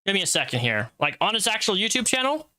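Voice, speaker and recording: Animated, bright-voiced male streamer. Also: sits high, fast talker. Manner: blunt and profane, lecturing the person he reacts to. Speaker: livestream host. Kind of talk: live commentary reacting to a social media post.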